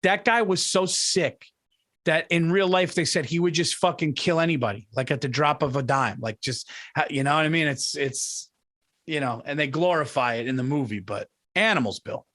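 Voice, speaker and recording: Excitable, high-voiced New York man. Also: normal speed. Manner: excitable, rambling, repeats himself. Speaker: podcast co-host. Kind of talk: casual chat.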